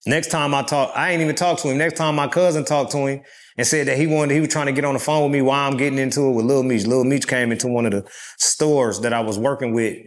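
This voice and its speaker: A man guest in an interview, telling stories in a casual, animated and profane way and acting out quotes. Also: medium pitch. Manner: animated, profane street talk, acts out quotes.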